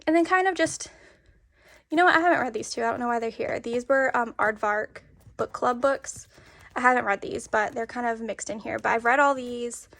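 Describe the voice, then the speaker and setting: A young female book vlogger chats casually, a little out of breath, while showing off her bookshelves, using lots of fillers and saying "y'all." Her voice is fairly high, gravelly and fairly bright, and she talks fairly quickly.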